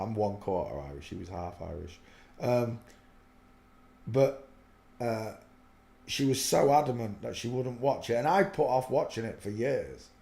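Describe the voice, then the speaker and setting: A man's voice: lowish voice, vocal fry, mellow. A man giving earnest, preachy spoken commentary on faith, rambling with many fillers, in an echoey room. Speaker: religious video host.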